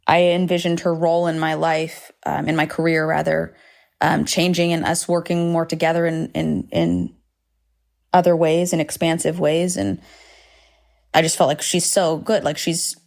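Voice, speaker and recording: A woman's voice: low voice, gravelly, darkish tone. A woman in her thirties hosting a solo podcast, talking frankly and rambling with self-deprecating asides and swearing. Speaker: podcast host. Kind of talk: candid solo podcast monologue. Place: home recording space with planes overhead.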